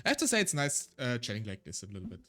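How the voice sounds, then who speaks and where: A man's voice: mid-range voice, wildly swooping pitch, rapid-fire, fairly bright tone, faint music behind. A man with a German accent, a native German speaker, chatting casually on a solo stream in a rambling, self-deprecating way.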